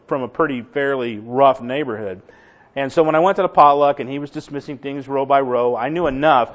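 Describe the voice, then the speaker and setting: A middle-aged man tells a funny personal testimony before a church congregation. He is a lively, self-deprecating storyteller with plenty of energy. His voice sits at an ordinary pitch and comes through a slightly muffled recording. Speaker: church member giving testimony.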